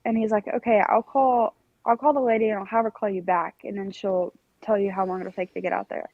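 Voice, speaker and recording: Casting: young woman, podcast co-host, animated rambling storyteller, dry close sound. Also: mid-range voice, fairly quick, no room sound, narrow, tinny audio. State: recovering from strep throat. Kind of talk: casual chat, storytelling.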